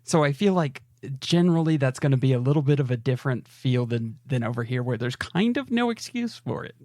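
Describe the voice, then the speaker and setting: A man's voice: mid-range voice, expressive, brisk, a little mellow, dry recording, clean studio sound. An American man co-hosting a podcast, talking in a rambling, hedging, self-deprecating way. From United States. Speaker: podcast co-host. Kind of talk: casual chat.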